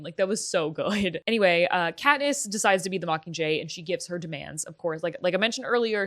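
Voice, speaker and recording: A young woman casually talking through a book and film comparison, chatty and candid with frequent fillers and the odd swear. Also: fairly low pitch. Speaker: book vlogger. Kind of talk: casual vlog commentary.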